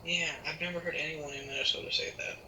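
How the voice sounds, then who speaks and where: A man chatting casually on a stream, calm and dry with brief replies. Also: a little high, fast talker, slight background noise, low-quality recording. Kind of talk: casual chat.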